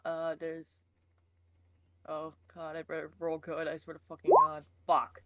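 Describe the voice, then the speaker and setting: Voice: mid-range voice, monotone, a little slow, narrow, tinny audio. A tabletop game player chatting casually, hesitant at times and swearing freely.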